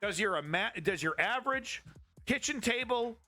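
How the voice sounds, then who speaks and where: This man's political commentary livestream features his fairly high, bright voice ranting at a normal speed with lively intonation. Heavy profanity and biting sarcasm fill it, with faint music underneath.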